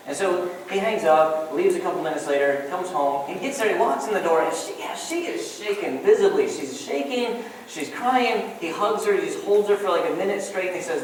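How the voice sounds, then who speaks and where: A man's voice: high-pitched, fairly quick. A man giving a sermon as pastor, casual and chatty, telling a joke story and talking to the congregation as "guys.". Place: church sanctuary. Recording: echoey church hall from far off, faint room noise.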